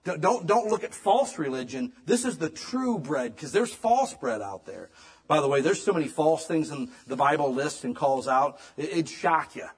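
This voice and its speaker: A man giving a sermon in a casual, conversational way, swinging between emphatic loud lines and hushed ones. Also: fairly high pitch, lively intonation, moderate pace, husky. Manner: casual, conversational preaching with slang. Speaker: pastor.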